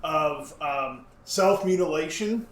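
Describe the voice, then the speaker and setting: Podcast co-host, male, high voice, animated and profane; roomy basement sound. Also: takes it slowly. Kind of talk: casual podcast chat. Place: home basement.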